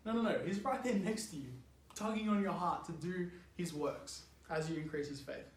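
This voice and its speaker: Young male youth speaker, casual and animated, high voice, echoey room. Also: moderate pace. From Australia. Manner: animated, chatty, laughs often, lots of "like". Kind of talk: youth sermon, casual storytelling.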